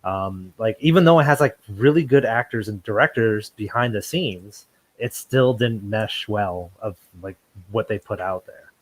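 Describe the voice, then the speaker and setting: A man's voice: lowish voice, measured pace, rough recording. A man co-hosting a casual chat, laid-back and agreeable, with lots of fillers. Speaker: co-host.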